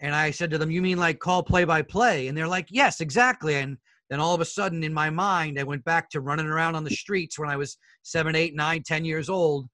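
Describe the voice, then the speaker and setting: A middle-aged man, a guest sports broadcaster, telling animated stories in a casual interview and acting out the people in them. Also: fairly high pitch, a little fast, no room sound. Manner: animated storyteller who acts out the other people in his stories; addresses the hosts as fellas.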